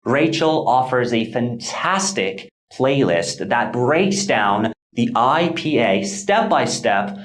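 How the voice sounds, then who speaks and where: Slow, animated male pronunciation teacher. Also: mid-range voice, echoey room. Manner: measured, carefully enunciated delivery with repeated model words. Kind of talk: scripted pronunciation lesson.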